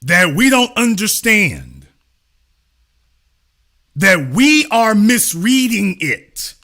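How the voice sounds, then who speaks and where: In an extremely slow, high, bright voice whose pitch swoops wildly, a middle-aged host gives a live-streamed commentary monologue. He drives his points with emphatic, preacher-style repetition and the occasional curse word for emphasis.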